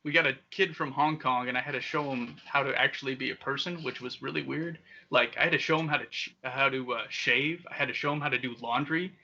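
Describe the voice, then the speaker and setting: A young man hosting a podcast, telling wild stories in a casual, profane, animated way with frequent laughter. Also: mid-range voice, fairly quick, hardly any pauses. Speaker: podcast host. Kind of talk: casual storytelling. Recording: dull lo-fi sound.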